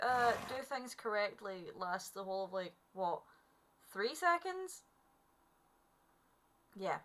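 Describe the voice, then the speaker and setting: A woman's voice: mid-range voice, big pitch swings, takes it slowly, long pauses, fairly bright tone. A woman, chatting playfully to herself and the animals while streaming a game. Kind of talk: casual gameplay commentary. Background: background music.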